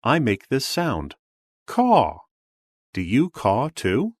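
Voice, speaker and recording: A man voicing a friendly, curious little male crow in a children's storybook, asking questions and cawing loudly and high. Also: very animated, takes it slowly, dry recording, studio quality.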